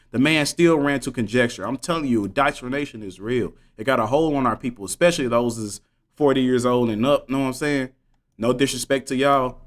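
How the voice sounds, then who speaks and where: A man in mid-range pitch holds forth to his live viewers, fervent and preachy. He talks in slang and hammers his points by repeating them. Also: fairly quick. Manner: slangy, repetitive emphasis. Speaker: livestreamer. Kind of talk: live stream commentary.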